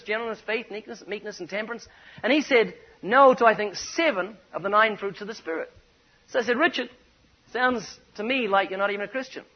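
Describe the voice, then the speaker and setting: A man with a New Zealand accent preaches in a high, ringing voice, telling stories and driving his points home with emphatic repetition. The recording is dull and muffled. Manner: storytelling, emphatic, punchy repetition. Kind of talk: sermon.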